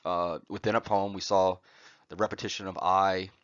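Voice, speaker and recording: Lower-voiced man giving a lo-fi lecture. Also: little pitch movement, moderate pace, a bit bright, clear, resonant tone, no echo. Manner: frequent "uh" fillers and tag "right?". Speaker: college lecturer. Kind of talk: recorded classroom lecture. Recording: dull, dry lo-fi recording.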